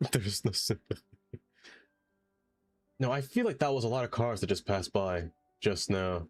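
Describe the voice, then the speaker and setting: A man's voice: lowish voice, animated, moderate pace, long pauses, faint music behind. A man streaming a city-building game, chatting casually and joking to himself as he plays. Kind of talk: casual gameplay commentary.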